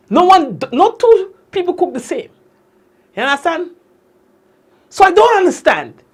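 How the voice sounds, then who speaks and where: A man voicing an indignant restaurant owner who is fiercely proud of their cooking, speaking in a Grenadian accent and ranting in a high, loud, preachy way. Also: full character voice.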